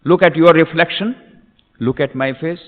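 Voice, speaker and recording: A man's voice: normal speed, close to an everyday voice. A man voicing a big male lion who scolds and commands a younger lion in a storytold sermon. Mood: commanding. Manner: booming, exhorting. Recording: tinny, echoey hall recording.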